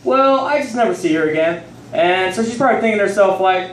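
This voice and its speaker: A man's voice: sits high, lively intonation, fast talker, a bit bright, a little hiss or hum. A young man doing a loose, profane stand-up set on a comedy club stage, rambling through his stories. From Texas. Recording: roomy sound from a distant mic.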